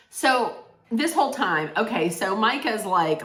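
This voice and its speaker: A woman's voice: medium pitch, big pitch swings, measured pace, a bit bright. A woman recapping a documentary in a casual, blunt, indignant way, swearing freely. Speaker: vlogger reacting to a documentary. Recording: roomy echo.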